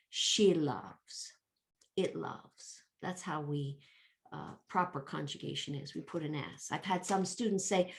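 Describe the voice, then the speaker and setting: A woman's voice: on the low side, unhurried, vocal fry. A middle-aged woman teaching a Latin lesson for children, patiently repeating words, spelling them out and checking in with "okay" and "right.".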